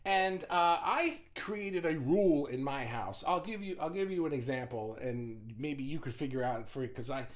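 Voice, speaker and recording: A man's voice: medium pitch, animated, moderate pace, few pauses. A middle-aged man and business owner giving casual motivational advice, blunt, swearing freely and often restarting his sentences. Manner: frequent restarts and stumbles.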